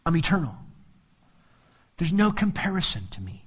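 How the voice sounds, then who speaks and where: This pastor talks at normal speed, his fairly high voice carrying a breathy edge. His sermon is animated, moving verse by verse through scripture, with playful voices for those he quotes.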